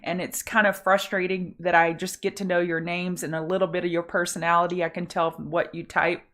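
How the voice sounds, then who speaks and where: A woman's voice: on the low side, flat delivery, fairly quick, fairly bright tone. A woman hosting a live market prep stream, upbeat and chatty, greeting viewers by name. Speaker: trading show host.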